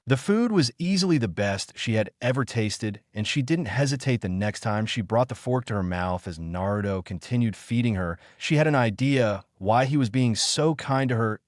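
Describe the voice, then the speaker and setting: A man narrating a fan fiction story in an even storytelling manner. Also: on the low side, no echo, studio quality.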